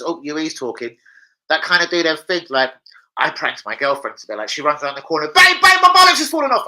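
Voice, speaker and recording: Bright-voiced sweary man streaming. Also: a little high, poor audio. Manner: swearing, banter with chat. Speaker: livestreamer. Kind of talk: casual live-stream chat.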